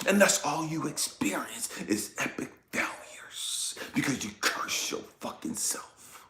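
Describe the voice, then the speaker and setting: A man giving an impassioned personal testimony, swinging between hushed whispers and shouted pleas, raw and tearful, swearing freely. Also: fairly high pitch, animated, takes it slowly, hardly any pauses, roomy sound. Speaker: spiritual vlogger.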